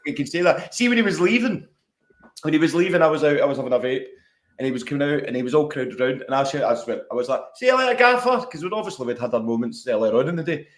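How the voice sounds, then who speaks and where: A man's voice: mid-range voice, racing. A man with a Scottish accent hosting a podcast in casual chat, reacting eagerly to his guest's story. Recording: echoey room.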